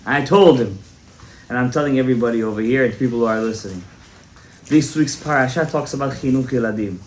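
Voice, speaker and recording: A male rabbi telling a story in a Torah class, animated and joking, mixing in Hebrew terms. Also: medium pitch, fast talker, slight background noise. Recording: echoey room, faint background.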